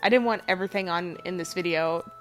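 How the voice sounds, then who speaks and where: A woman with a lowish, stuffed-up voice rambles through a relaxed voice-over about her art, full of swearing and half-finished thoughts. Soft music runs quietly underneath. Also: fast talker. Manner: rambling, loose and swearing a lot. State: congested, nasal. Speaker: artist narrating her drawings. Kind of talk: casual voice-over chat. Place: home recording, voice-over over drawing footage.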